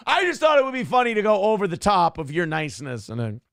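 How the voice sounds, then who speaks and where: Guy hosting a call-in show, swears a lot, pokes fun at himself, raspy voice. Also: high voice, huge pitch swings, fast talker, fairly bright tone, no echo, studio quality. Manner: profane, sarcastic, self-mocking. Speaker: talk show host. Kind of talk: casual live-stream chat reading viewer comments.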